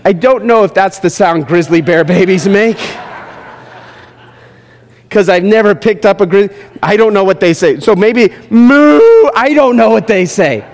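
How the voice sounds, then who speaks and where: A man preaching a sermon, moving between quiet asides and loud, emphatic points. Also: normal speed. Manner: animated preaching, swinging from low asides to shouted points. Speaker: pastor. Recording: long hall reverb.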